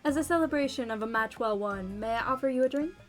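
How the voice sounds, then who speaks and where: A woman's voice: on the high side, quick pace, faint music behind, natural voice. A woman voicing a polite, haughty male vampire with a put-on French accent and grand, formal diction.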